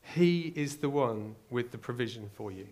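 A male preacher delivering a sermon, moving from quiet storytelling to loud, urgent exhortation. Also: mid-range voice, expressive, moderate pace.

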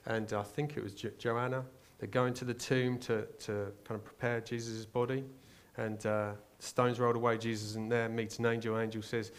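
An English man preaches in a plain, conversational way, his voice sitting at an ordinary middle pitch for a man. He retells the story as he goes, restarting phrases often and pressing the listeners with rhetorical questions. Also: flat delivery, moderate pace, hardly any pauses, clean tone. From England. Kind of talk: sermon.

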